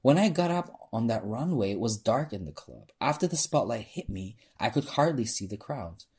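A man's voice: mid-range voice, very animated, moderate pace, darkish tone, breathy edge. A man reading a first-person novel aloud informally, stumbling now and then and restarting lines. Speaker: narrator.

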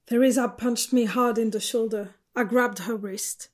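A woman narrating a novel in the first person, quiet, measured and sorrowful. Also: fairly high pitch, fairly even intonation. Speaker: audiobook narrator.

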